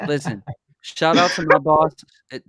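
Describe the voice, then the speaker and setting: A man hosting a livestream in casual chat, animated and repeating himself when excited. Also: fairly high pitch, unhurried, dry recording. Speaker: livestream host.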